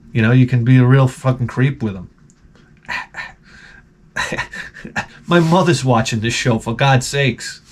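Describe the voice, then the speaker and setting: Man, mid-pitched, blunt, profane, rambling, crude advice-show host. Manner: reads viewer letters aloud and then reacts to them. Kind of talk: crude comedic advice monologue.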